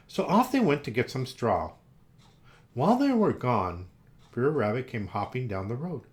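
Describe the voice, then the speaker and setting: With an expressive, animated delivery, a man reads aloud from a children's story. His voice is medium-pitched and his pace moderate.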